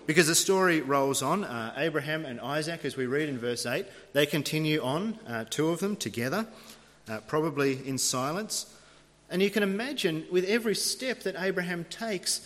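A man's voice: on the high side, expressive, moderate pace, fairly bright tone. Preacher man in a reverberant hall. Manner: dramatic storytelling with vivid retelling. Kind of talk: sermon. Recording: long reverb of a large hall.

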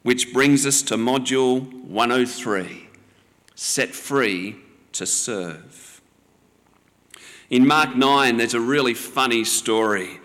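A male preacher delivers a sermon at a very unhurried pace, leaving space between his phrases. His manner is measured and gently instructive. The voice carries a long reverb, as if it fills a large hall. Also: medium pitch.

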